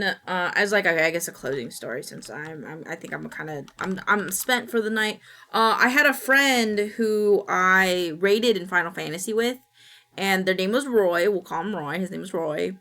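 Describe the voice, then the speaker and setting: Bright-voiced woman streamer, chatty. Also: mid-range voice. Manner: rambling, chatty storytelling with casual swearing. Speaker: Twitch streamer. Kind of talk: casual stream chat.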